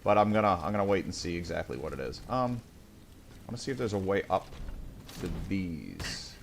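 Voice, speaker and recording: A man's voice: low voice, lively intonation, fast, gravelly, a little hiss or hum. A man casually commenting on his own gameplay, chatting with viewers and muttering to himself, swearing when things go wrong. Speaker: gaming streamer.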